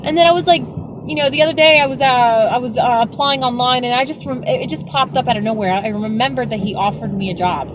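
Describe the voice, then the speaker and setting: A young woman chatting casually to her vlog audience, telling stories in an animated, exasperated way. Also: on the high side, fast, dull audio, background noise. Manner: animated storytelling, exasperated retelling. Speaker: vlogger.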